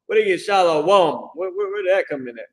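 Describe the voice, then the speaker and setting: A man's voice: sits high, lively intonation, fast. Emphatic man teaching in an echoey room. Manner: emphatic, mocking, repeats words to drill pronunciation. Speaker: religious teacher. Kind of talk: live-streamed religious lesson.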